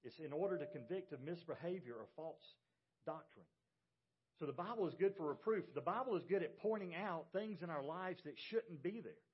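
A man's voice: fairly high pitch, expressive, fairly quick, husky, highs cut off. A middle-aged man, a pastor, preaching a sermon with emphasis and putting rhetorical questions to his congregation. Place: church sanctuary.

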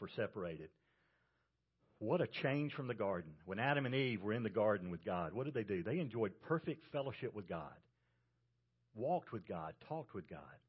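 A male pastor with a Southern US accent preaching a sermon, earnest, rising to emphasis and dropping soft. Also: mid-range voice, husky. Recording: dull lo-fi sermon recording.

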